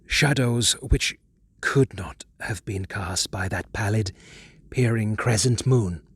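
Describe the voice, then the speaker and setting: A man narrating a horror audiobook in a measured, hushed, dramatic way. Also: on the low side, breathy edge.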